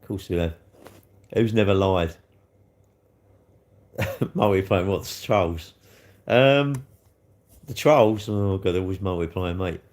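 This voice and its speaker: Man, livestream host, bantering with chat, slightly hoarse, lowish voice. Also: slow pace, pauses often, a little mellow. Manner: chatty, bantering with viewers. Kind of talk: casual livestream chat reading comments.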